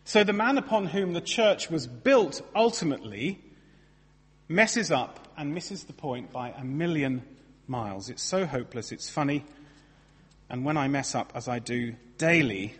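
A man giving a sermon in a church, lively, conversational and self-deprecating as he tells stories. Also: medium pitch, unhurried, slightly rough. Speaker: preacher. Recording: long reverb of a large hall.

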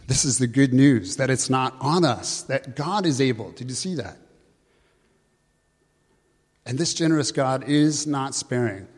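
Man, pastor, sermon, earnest and conversational, medium pitch, long church-hall reverb. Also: animated. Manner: earnest, conversational, slows for scripture.

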